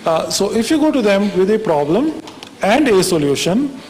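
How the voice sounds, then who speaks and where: A man's voice: high-pitched, very animated, normal speed, a little mellow. A man giving a wry, conversational conference talk, often checking in with the audience by asking "right?". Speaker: conference speaker. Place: conference hall. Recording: reverberant hall, faint background hiss.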